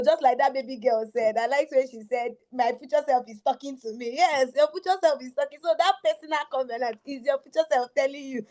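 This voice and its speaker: A woman teens coach giving a warm, effusive spoken review of a book, repeating phrases for emphasis. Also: on the high side.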